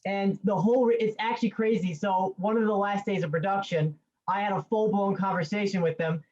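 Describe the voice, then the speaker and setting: A man's voice: high-pitched, fairly even intonation, fairly quick, darkish tone. Hesitant young man, dull lo-fi sound. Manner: hesitant, many fillers and restarts. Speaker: student. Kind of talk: casual storytelling in class.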